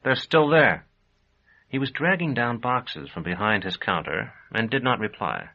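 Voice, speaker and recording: Man narrating an audiobook, low voice, steady, kinda dull muffled sound. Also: normal speed, vocal fry. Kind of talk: first-person audiobook narration.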